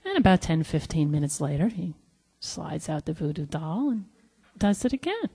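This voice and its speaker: A woman telling a personal story live at a storytelling event, animated and acting out the dialogue. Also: low-pitched, moderate pace, husky. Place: museum event hall. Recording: long hall reverb at live event.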